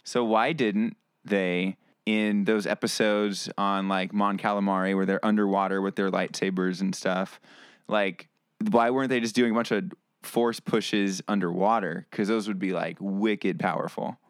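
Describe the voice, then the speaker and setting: A man with a fairly low voice trades ideas in loose, excited podcast chatter. He laughs easily and trips over his own sentences as thoughts pile up. The sound is close and dry. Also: unhurried, clean tone, no room sound. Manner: animated, laughs often, restarts mid-thought. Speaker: podcast co-host. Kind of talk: casual chat.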